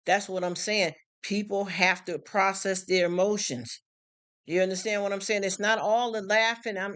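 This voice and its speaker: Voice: mid-range voice, a bit bright. A middle-aged livestream host chatting casually with viewers in a frank, emphatic way, full of repeated affirmations and rhetorical questions. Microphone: streaming setup.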